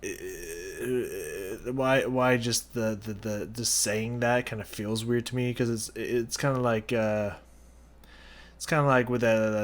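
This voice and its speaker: A man's voice: on the low side, slow pace. A man hosting a music reaction video, thinking aloud as he analyzes a song and searching for his words. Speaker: music reaction channel host.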